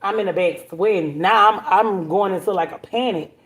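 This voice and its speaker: A woman, casually telling a story to her livestream viewers, animated and blunt, swearing freely. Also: mid-range voice, normal speed. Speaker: livestream host.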